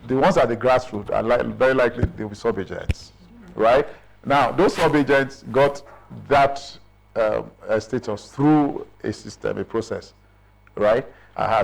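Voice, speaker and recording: A man's voice: medium pitch, vocal fry, rough recording. Nigerian man explaining procedures patiently. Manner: explanatory, checks in with "right?" often. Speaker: official explaining business registration. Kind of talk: radio interview.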